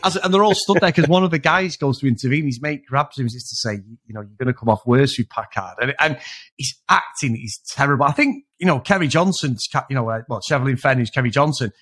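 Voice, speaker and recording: A man co-hosting a film podcast, telling stories in an animated way and swearing casually. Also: medium pitch, fast, slightly rough, no room sound. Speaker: podcast co-host. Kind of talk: casual film-review chat.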